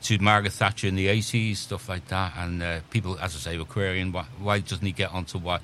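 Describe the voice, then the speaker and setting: A man on a radio panel, recounting other people's views in a measured way. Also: sits low, steady tone, a bit bright, slight background noise. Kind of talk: casual studio chat.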